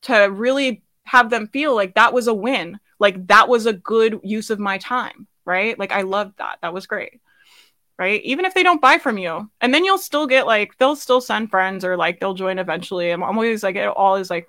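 A woman's voice: medium pitch, expressive, moderate pace, bright, forceful tone, no echo. A woman business coach giving a live sales training, blunt and swearing casually, asking her audience questions and laughing often.

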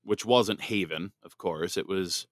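A man's voice: low voice, unhurried, no echo, clean studio sound. A man in his thirties hosting a podcast, telling a personal faith testimony in a candid, rambling way with many restarts. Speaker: podcast host.

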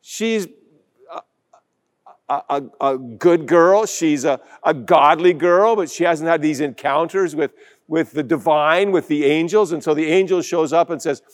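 A man's voice: fairly high pitch, measured pace, big-room sound. A man preaching a sermon as pastor, emphatic, acting out quoted voices as he goes.

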